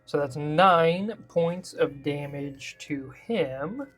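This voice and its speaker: A man's voice: fairly high pitch, extremely slow, a bit bright. A man running a tabletop game as game master, narrating casually and laughing often, with faint music behind. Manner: casual, laughs often, thinks aloud while drawing the map.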